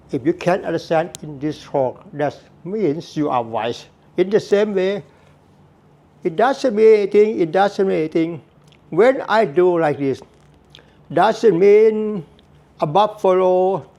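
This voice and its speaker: A man's voice: a little high, darkish tone. A man giving a Buddhist teaching talk, earnest and repetitive, with non-native phrasing. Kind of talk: slow spoken Dharma talk.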